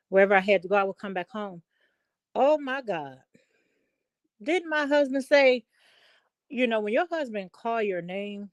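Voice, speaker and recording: A middle-aged woman on a call-in talk show, telling a story at length in an emphatic, animated way. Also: mid-range voice, dry recording. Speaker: guest. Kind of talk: casual chat.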